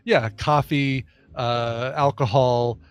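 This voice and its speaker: A man hosting a podcast in casual chat, rambling and joking with many pauses. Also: mid-range voice, steady tone, clean tone, no echo. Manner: rambling, hesitant with fillers, joking. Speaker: podcast host.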